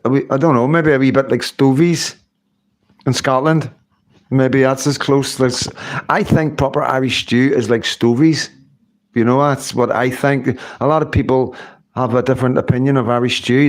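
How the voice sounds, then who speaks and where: A middle-aged man hosting a casual livestream, chatting in a rambling way and laughing often. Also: medium pitch. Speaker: livestream host. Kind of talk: casual live-stream chat.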